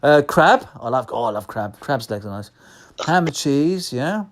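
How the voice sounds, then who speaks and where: A man's voice: mid-range voice, sing-song, moderate pace. An English man co-hosting a podcast, reading lists aloud in casual chat and cracking jokes. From United Kingdom. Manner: jokey, reads lists aloud, slips into a mock cockney voice. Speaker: podcast co-host.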